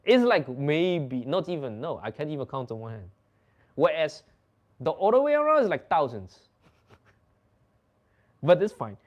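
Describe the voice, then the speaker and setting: Animated young man telling stories. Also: fairly high pitch, a little slow, long pauses, dull audio. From Netherlands. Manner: animated, swearing, laughing storyteller. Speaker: host. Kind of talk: casual storytelling chat.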